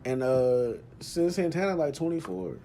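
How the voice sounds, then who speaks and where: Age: 30s. Sex: woman. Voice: low and mellow. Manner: blunt, profane, joking banter. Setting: podcast chat with faint ambience behind. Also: lively intonation, moderate pace, slight background noise. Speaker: podcast co-host. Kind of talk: casual chat.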